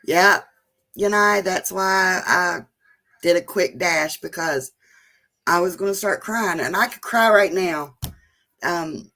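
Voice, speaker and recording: Lady chatting on a live stream, slow and kinda gravelly, reads out viewers' names. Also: lowish voice, sharp tone. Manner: emotional, chatty, talks to viewers by name. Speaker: vlogger hosting a live chat. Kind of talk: casual live-stream chat.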